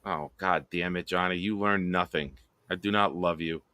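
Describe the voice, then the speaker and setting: Low, bright-voiced man hosting a live stream. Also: steady tone, normal speed, dry recording. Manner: laughs often while reading comments aloud. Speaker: live show host. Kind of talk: casual live-stream chat, reading viewer comments.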